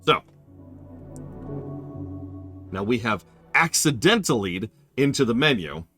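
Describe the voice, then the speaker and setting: A man's voice: medium pitch, big pitch swings, slow, bright, forceful tone, soft background music. A man casually commenting on a horror game during a live stream, rambling, interrupting himself and answering his chat.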